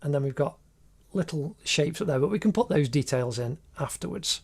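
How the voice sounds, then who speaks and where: A man's voice: fairly high pitch, expressive, normal speed, vocal fry, husky. Encouraging man narrating a drawing lesson. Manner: encouraging, step-by-step explaining. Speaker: art teacher.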